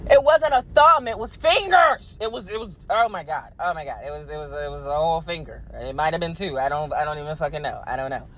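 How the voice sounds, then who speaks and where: A woman's voice: deep voice, a little fast, few pauses, a little hiss or hum. A woman hosting a podcast, telling a story in a blunt, profane, casual way and talking straight to her listeners. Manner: blunt, profane, animated, with frequent laughs; addresses listeners directly as "y'all". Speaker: podcast host.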